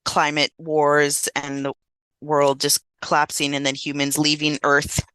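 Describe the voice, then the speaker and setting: A woman's voice: deep voice, monotone, unhurried, fairly bright tone, smooth, no echo. A woman co-hosting a podcast, casually recapping a film plot with lots of fillers. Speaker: podcast co-host. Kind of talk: casual movie review chat.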